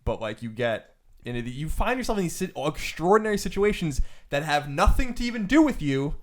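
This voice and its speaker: Fast-talking man with a lively voice. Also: on the high side. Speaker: podcast co-host. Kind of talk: casual chat.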